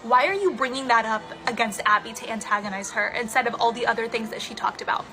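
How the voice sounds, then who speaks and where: A woman's voice: a little high, quick pace, rough recording. A woman co-hosting a drama commentary, sassy, blunt and exasperated. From Egyptian family. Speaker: co-host.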